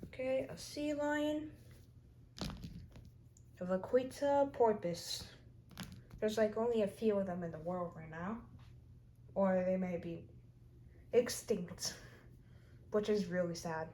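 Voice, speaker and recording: A woman's voice: medium pitch, slow pace, pauses often, mellow, slight background noise, poor audio. A woman in a casual show-and-tell vlog, chatting as she lists her figures one by one with short comments. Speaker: toy collector showing her figures.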